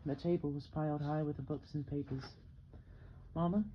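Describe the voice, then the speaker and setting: A man's voice: fairly high pitch, level tone, quick pace, dull audio, very noisy. Man reading a novel aloud. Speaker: audiobook reader. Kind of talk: first-person novel narration.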